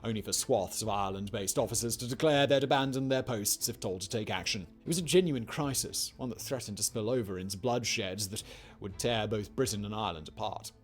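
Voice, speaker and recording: A man's voice: fairly low pitch, fairly quick, soft background music. A man narrating a scripted history piece with wry, jokey asides. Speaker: documentary narrator.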